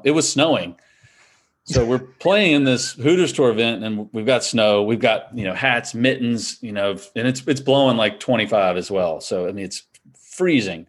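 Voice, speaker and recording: A man telling golf stories in a casual podcast chat, rambling with many fillers and frequent laughs. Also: lowish voice. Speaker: golfer guest.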